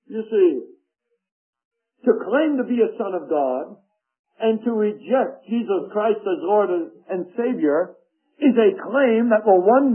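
A man preaching a sermon, slow and emphatic, reading scripture aloud. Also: high-pitched. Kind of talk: radio sermon. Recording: tinny phone-like radio broadcast.

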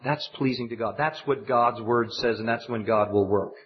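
A man preaching a sermon, telling a personal story and building to high, emphatic exhortation. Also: moderate pace. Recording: dull lo-fi recording.

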